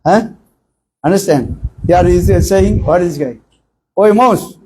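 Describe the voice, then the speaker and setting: A man giving a slow, high-voiced sermon in broken English. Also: mellow, poor audio. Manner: broken English, frequent questioning "eh?" to listeners; acts out short quoted exchanges with raised voice. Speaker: spiritual teacher giving a discourse. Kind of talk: informal sermon with anecdotes.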